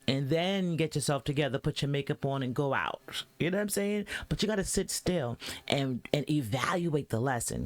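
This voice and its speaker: A man hosting a podcast, casually reacting to a clip and giving advice in a relaxed, chatty way. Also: fairly high pitch. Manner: laid-back, advice-giving, keeps saying "you know what I'm saying".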